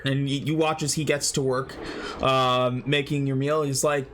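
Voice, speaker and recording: A man narrating as game master of a tabletop role-playing game, hesitant with many pauses. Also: medium pitch, level tone, a bit bright, a little hiss or hum. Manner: hesitant, many fillers and restarts.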